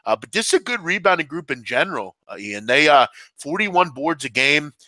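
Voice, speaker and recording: A man hosting a sports betting show, talking picks in an animated, excitable way full of shout-outs. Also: a little high, fairly quick, no room sound. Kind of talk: betting analysis chat.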